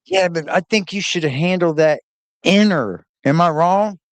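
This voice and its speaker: A man's voice: a little high, a little slow, dry recording. A man hosting a livestream, casually commenting and greeting his chat. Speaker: livestream host.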